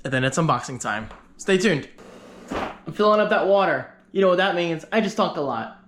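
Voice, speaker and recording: A man's voice: on the high side, animated, moderate pace, a bit bright, a little hiss or hum. A man talking casually to camera as a vlogger, rambling and joking about his day. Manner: rambling, chatty, self-joking. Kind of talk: casual vlog chat.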